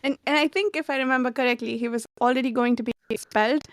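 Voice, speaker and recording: A woman's voice: high voice, fast talker, dry recording. A woman hosting a casual book discussion, laughing often as she talks. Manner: giggly, laughs often while talking. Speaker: book club host.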